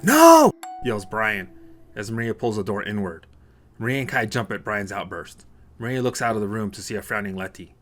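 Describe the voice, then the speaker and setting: Low-voiced male audiobook narrator. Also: fairly quick. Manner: steady, plain reading.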